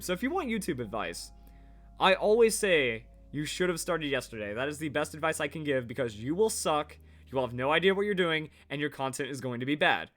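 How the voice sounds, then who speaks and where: A man's voice: a little high, fairly bright tone. A man in his twenties chatting casually over his old videos, rambling and repeating himself with verbal tics. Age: 20s. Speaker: Pokemon YouTuber.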